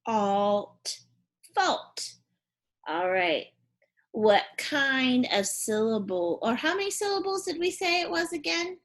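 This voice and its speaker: A woman teacher leading a phonics and spelling lesson for young pupils, asking questions and encouraging them in a deliberate classroom manner. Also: sits high, fairly bright tone.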